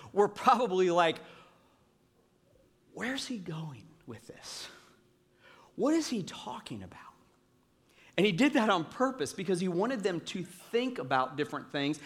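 Pastor guy in his 30s preaching, kinda high voice, chatty, jokes on himself, lots of ums. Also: a bit bright. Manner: chatty and self-mocking, with fillers. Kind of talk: sermon.

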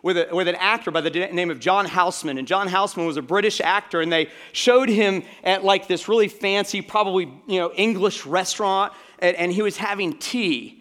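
A middle-aged pastor from Georgia preaches in a loose, chatty way, full of fillers and questions to his congregation. His voice sits a little higher than most men's. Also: brisk, few pauses, fairly bright tone. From Georgia, USA. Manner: conversational, with many fillers and audience asides. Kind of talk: sermon.

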